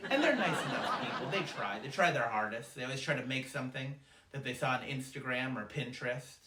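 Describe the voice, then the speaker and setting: A man performing a stand-up routine, telling family stories in a quick, animated way. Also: medium pitch. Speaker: comedian. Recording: echoey room, distant mic, noisy.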